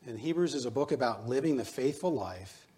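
A man's voice: mid-range voice, expressive, a little fast, warm tone. Middle-aged male pastor, earnest sermon delivery, mid-range voice, exhorting tone. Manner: earnest, exhorting, personal running anecdotes.

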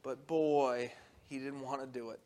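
A man preaching a sermon, animated, his voice rising loud when he acts out quotes and dropping soft and low on solemn points, with halting restarts.

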